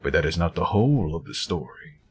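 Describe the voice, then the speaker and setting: A man's voice: low-pitched, animated, a little hiss or hum, voice pushed down. A man voicing a costumed man posing as a forest god, speaking in a solemn, archaic way with a Southern US accent. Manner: slow, grave pronouncements. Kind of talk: reading game dialogue aloud.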